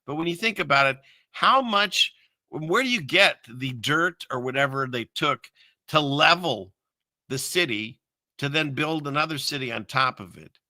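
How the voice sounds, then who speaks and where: A man hosting a casual livestream, rambling and chuckling through viewer comments with lots of filler words and trailing pauses. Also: a little high, sharp tone, no room sound, clean studio sound. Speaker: livestream host reading viewer chat. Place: home setup in the Seattle area.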